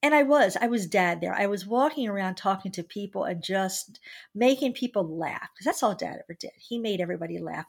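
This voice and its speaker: A woman's voice: medium pitch, creaky. A middle-aged woman being interviewed, speaking candidly and reflectively about her own life. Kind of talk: personal storytelling in an interview.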